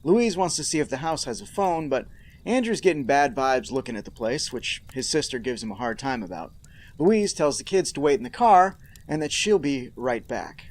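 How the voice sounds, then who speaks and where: Slightly high and animated at normal speed, this man's voice hosts a podcast recapping a horror episode, breaking in with sarcastic asides of mock outrage.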